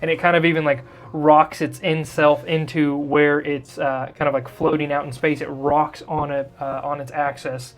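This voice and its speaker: Higher-voiced man narrating as dungeon master. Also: level tone, normal speed, hardly any pauses. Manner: loose descriptive narration with many fillers. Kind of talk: narrating a tabletop game.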